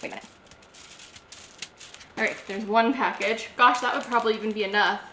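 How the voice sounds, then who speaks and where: A woman's voice: medium pitch, steady tone, fairly quick, a bit bright, reverberant, a little hiss or hum, rough recording. A woman vlogging as she cooks at home, chatting casually and talking herself through each step. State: out of breath. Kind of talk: casual cooking narration. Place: home kitchen.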